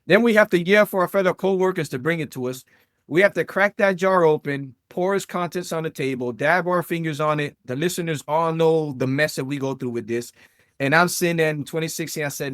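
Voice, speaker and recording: A man in his late thirties with a South Florida accent tells his career story as a podcast guest, chatty and full of fillers. His voice sits a little high. The sound is close and dry, with no room around it. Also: a little fast, no echo. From South Florida, USA. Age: 30s. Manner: animated storyteller, many fillers, addresses listeners as guys. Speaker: podcast guest, vet tech and entrepreneur. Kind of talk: casual interview chat.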